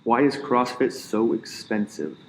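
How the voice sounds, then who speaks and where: A man co-hosting a casual podcast, chiming in with jokes and quick remarks. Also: medium pitch, expressive. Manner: joking, quick interjections. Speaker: podcast co-host. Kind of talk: casual chat. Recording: echoey room with faint noise.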